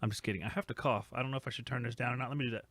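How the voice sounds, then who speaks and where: A man's voice: mid-range voice, steady tone, racing, a bit bright, no echo. Joking, rambling man reading chat. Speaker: podcast host reading live chat. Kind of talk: casual live-stream chat.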